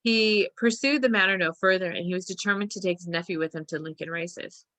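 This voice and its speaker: A woman reading a short story aloud in a steady, plain narration. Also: lowish voice, brisk, no room sound. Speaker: reader.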